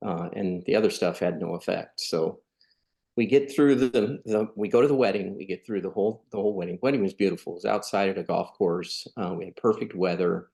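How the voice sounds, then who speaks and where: Low gravelly middle-aged man telling a story. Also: a little fast, mellow. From California. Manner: earnest, conversational, acts out quoted dialogue. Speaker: podcast guest. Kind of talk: storytelling in a casual interview.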